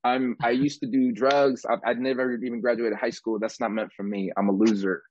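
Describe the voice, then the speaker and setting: A man guest on a podcast, telling his story in a casual, animated way, saying "bro" often and acting out what people said. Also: medium pitch, moderate pace, dry recording, muffled recording. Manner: animated, says "bro" a lot, acts out quotes.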